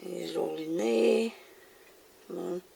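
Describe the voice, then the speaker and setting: A woman with a low, heavily gravelly voice talks her way through a craft project in a casual how-to video. She chats to the viewer and to herself as she works. A faint hiss of noise sits under the recording. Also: slow, dark tone. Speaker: crafter demonstrating mould making.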